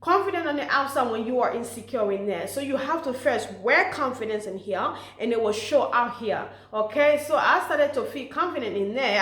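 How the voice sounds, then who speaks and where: Woman, fairly high voice, earnest, warm, encouraging advice talk, says "you know" a lot, echoey room. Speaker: motivational speaker for mothers.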